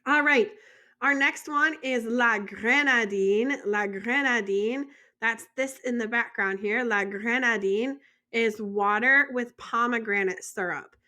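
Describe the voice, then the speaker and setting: An American woman runs a vocabulary lesson as a French teacher, chatty and full of small jokes and questions to the viewer. Her voice sits a little high and sounds bright and clear. She speaks slowly and carefully. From United States.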